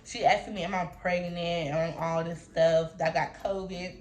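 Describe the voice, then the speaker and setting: A young woman telling a storytime vlog in casual slang, acting out voices with big jumps in pitch. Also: measured pace. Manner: animated storytelling, acting out her own and others' lines with big pitch jumps. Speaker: vlogger.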